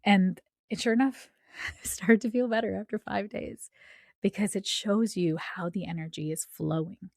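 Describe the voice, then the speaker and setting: A woman's voice: mid-range voice, steady tone, a little slow, gravelly, a little mellow, dry recording, studio quality. A woman hosting a spiritual podcast in a casual, chatty way, often checking in with "right?". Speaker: podcast host and coach.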